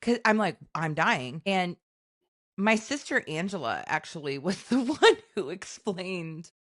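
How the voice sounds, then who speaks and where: A woman's voice: medium pitch, unhurried. A woman in her forties co-hosting a podcast, chatting casually and telling stories with lots of acted-out quotes. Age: 40s. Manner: animated storytelling, acting out voices in quotes. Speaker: podcast co-host. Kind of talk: casual chat.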